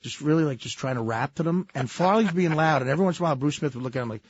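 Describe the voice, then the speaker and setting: A man co-hosting a radio talk show, telling stories in a casual, animated way and laughing as he goes. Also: a little high, rapid-fire, breathy edge, no echo, lo-fi sound. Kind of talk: casual storytelling.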